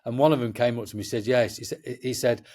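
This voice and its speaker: A man's voice: medium pitch, steady tone, fast, darkish tone. A middle-aged man, a festival promoter chatting as a guest and telling stories passionately, with many restarts. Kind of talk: casual chat.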